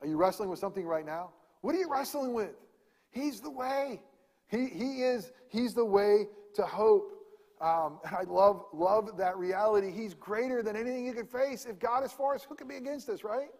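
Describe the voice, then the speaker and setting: A man preaching a sermon, swinging from loud emphasis to hushed near-whispers. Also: high voice, moderate pace, long reverb tail. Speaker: pastor.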